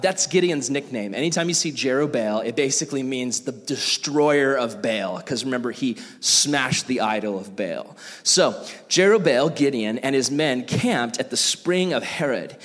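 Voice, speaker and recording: A man's voice: mid-range voice, normal speed. A young man giving a casual, jokey Bible lesson, acting out characters as he tells the story. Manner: animated, jokey, acts out quoted characters. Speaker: youth Bible teacher. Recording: echoey hall.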